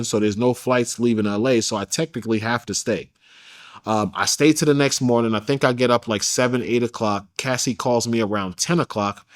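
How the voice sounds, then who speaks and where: A man as an interview guest, telling a personal story candidly in a casual, slangy and blunt way. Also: medium pitch.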